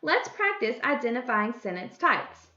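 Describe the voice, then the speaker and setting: A first grade teacher slowly and clearly teaches grammar to young children, her high voice rising and falling in a sing-song as she deliberately reads each example sentence. Her voice sounds pushed and bright, and the dull, lo-fi recording carries an echo from the room.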